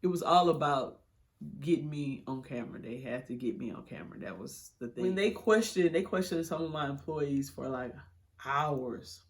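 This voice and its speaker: A woman's voice: low-pitched, lively intonation, moderate pace. A middle-aged woman, telling her own story in an interview, candid and blunt, swearing freely. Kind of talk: emotional personal storytelling.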